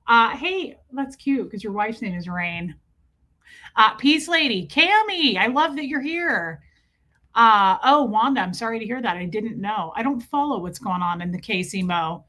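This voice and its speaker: A woman hosting a casual livestream from home, greeting viewers by name with quick, chatty asides. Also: on the high side, fairly bright tone. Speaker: livestream host. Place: room at home.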